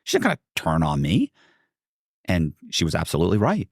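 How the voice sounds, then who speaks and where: A man's voice: sits low, huge pitch swings, a little fast, gravelly, husky, no room sound, clean studio sound. A man guest in a podcast interview, telling a long story animatedly and acting out what others said, with many fillers and restarts.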